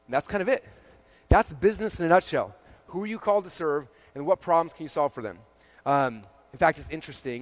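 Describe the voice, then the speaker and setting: A man giving a motivational talk to a live audience, energetic and peppered with "like", often checking in with "okay?" and "right?". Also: fairly high pitch. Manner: heavy use of "like" as a filler. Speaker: speaker presenting to a live audience.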